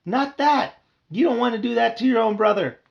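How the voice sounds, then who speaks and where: A man's voice: normal speed, gravelly, a little mellow, highs cut off, heavily acted. A man doing a frantic boy turned into a bee. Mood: panicked. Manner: pleading, high-pitched cries.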